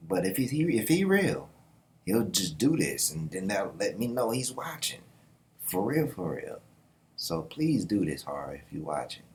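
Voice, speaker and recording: Man, very deep voice, casual slangy commentary, animated asides, channel host. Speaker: YouTube host.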